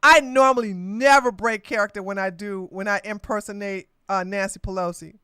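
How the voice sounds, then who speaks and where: A woman's voice: mid-range voice, fairly even intonation, moderate pace, pushed and bright, clear, resonant tone, no echo. A woman hosting a livestreamed political commentary podcast, talking in a combative, mocking way with frequent laughter. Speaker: podcast host.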